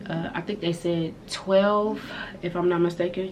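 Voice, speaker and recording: A woman vlogger telling a story in casual slang, animated and profane. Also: lowish voice, moderate pace, dull audio, a little hiss or hum. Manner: animated, profane retelling of a fight. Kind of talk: storytime vlog.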